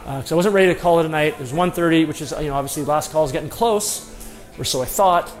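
Middle-aged man, casual storytelling, self-mocking, animated, slightly high voice, faint music underneath. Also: fast. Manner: self-deprecating, animated, lots of fillers. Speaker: former hockey player telling a story.

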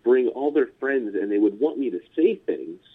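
A man's voice: medium pitch, lively intonation, normal speed. Rambling Californian man on a tinny line. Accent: Californian American. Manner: rambling, chuckling, filler-heavy. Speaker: punk musician guest. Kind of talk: casual interview chat. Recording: tinny phone-line audio.

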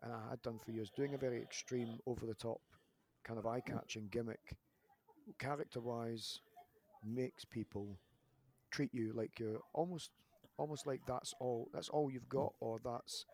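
A man in his thirties hosting a podcast, telling long rambling stories with animated restarts in a casual chat. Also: mid-range voice, a little slow. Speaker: podcast host, wrestler.

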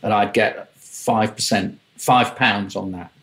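A man's voice: on the low side, steady tone, takes it slowly, fairly bright tone. Older man, wry raconteur, interview guest, mimics voices. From England. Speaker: music manager and guest. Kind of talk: anecdotal interview storytelling.

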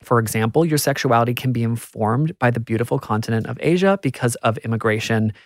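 Man hosting a relaxed chat. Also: medium pitch, fast, no echo, clean studio sound. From America. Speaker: podcast host. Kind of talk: casual conversation.

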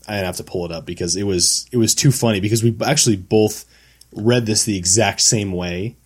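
A man co-hosting a podcast, telling a funny story in an animated, casual way. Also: lowish voice, brisk, husky. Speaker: podcast co-host and filmmaker.

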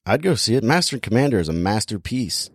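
A man with a lowish voice chats loosely about a movie he watched, tripping over restarts and leaning on "like" again and again. The sound is close and dry, with no room around him. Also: sing-song, quick pace, husky, dry recording. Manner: rambling, heavy use of "like", self-interrupting. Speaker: podcast movie reviewer. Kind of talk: casual chat.

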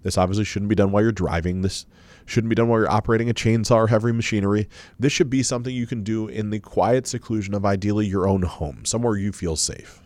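A man with a fairly low voice leads a guided visualization as a self-help speaker. He coaches his listeners, asking them question after question. The sound is dry and close, with little room around it. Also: steady tone, fast, darkish tone, no echo. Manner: coaching, asks many questions.

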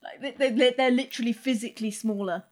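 A woman's voice: a little high, fairly even intonation, fast, darkish tone. A woman narrating as game master in a tabletop game, casual and hesitant. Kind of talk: tabletop role-play narration.

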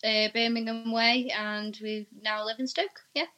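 A woman's voice: on the high side, flat delivery, unhurried, sharp tone, muffled recording. A woman from Bristol chatting as an interview guest, giggly and self-deprecating. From Bristol, England. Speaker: musician guest. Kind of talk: casual interview chat.

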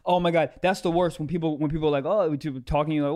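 A young man co-hosting a podcast, joking loudly and swearing in casual chat. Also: fairly high pitch, racing. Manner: profane, animated, joking. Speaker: podcast co-host.

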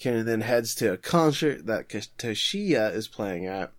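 A man's voice: on the low side, expressive. A man co-hosting a podcast, casually recapping a story with jokes. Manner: joking, summarizing plot quickly. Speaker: podcast co-host. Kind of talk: casual anime recap chat.

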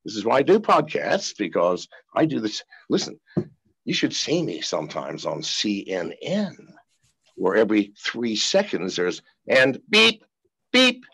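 A man's voice: on the low side, very animated, a little slow, gravelly, slightly rough. A man talking as a podcast guest over a video call, profane and rambling. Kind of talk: casual interview.

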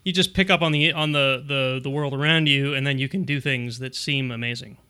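Bright-voiced man chatting on a podcast. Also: mid-range voice, fairly even intonation, a little fast, clean tone. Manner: rambling, self-interrupting, chuckling. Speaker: podcast co-host. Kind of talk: casual tech podcast chat.

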